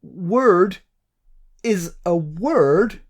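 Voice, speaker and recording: A man's voice: high-pitched, drawn-out words. A man co-hosting a podcast, chatting casually and playfully explaining odd words before summarizing a chapter. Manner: animated storyteller, playful and professorial. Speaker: podcast co-host.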